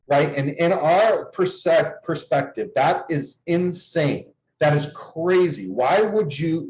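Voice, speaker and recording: A man's voice: mid-range voice, darkish tone, slight background noise. A man coaching on dating, explaining his views and telling a client's story in an earnest, casual conversational way. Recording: echoey room.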